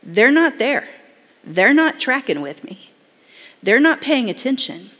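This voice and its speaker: A woman's voice: high voice, sing-song, unhurried, a bit bright. A woman telling a dramatic story to an audience, acting out the voices of the people in it. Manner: dramatic, acts out quoted voices. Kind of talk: emotional storytelling talk. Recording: long hall reverb.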